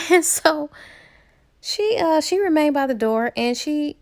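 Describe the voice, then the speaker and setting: A woman's voice: high voice, animated, takes it slowly, creaky, a little mellow. A woman casually retelling a novel's plot as a book reviewer, chatty and slangy, with fillers.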